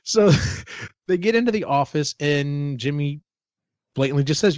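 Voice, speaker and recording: A man's voice: a little high, animated, unhurried, darkish tone, dry recording. Man casually retelling a story, lo-fi. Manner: rambling retelling, swears freely. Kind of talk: casual book discussion. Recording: dull, dry lo-fi sound.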